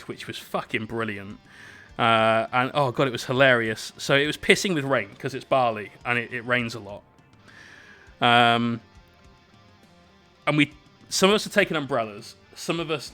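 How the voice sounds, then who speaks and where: A man's voice: mid-range voice, bright, forceful tone. A British man casually telling a rambling, swear-filled story while painting miniatures on stream.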